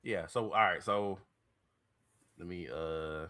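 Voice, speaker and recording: A man's voice: low-pitched, slow pace, bright, forceful tone. A man hosting a casual anime podcast, rambling in laid-back slang over a remote call. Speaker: podcast host. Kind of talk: casual chat.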